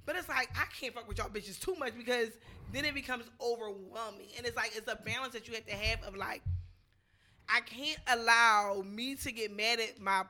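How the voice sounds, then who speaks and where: A woman's voice: a little high, moderate pace, bright, forceful tone, slight background noise. A woman co-hosting a podcast, speaking frankly and reflectively with casual swearing. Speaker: podcast co-host.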